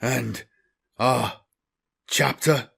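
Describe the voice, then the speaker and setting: Man as a shaken sergeant: gravelly and unsteady. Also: medium pitch, fairly even intonation, very slow, fairly bright tone, full character voice. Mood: stricken. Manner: shaken, quivering questions. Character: stunned loyal space marine sergeant.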